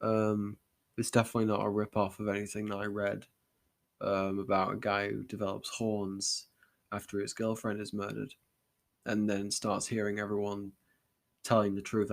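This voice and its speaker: A man's voice: lowish voice, completely flat delivery, moderate pace, gravelly. A young man reading his own story aloud in an overwrought, mock-dramatic way, with wry self-mocking asides. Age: young adult. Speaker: channel host reading his old story.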